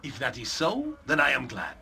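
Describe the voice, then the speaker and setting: A man's voice: mid-range voice, wildly swooping pitch, normal speed, bright, forceful tone, full character voice. An actor voicing a polite, ingratiating male rogue in a video game. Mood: solicitous.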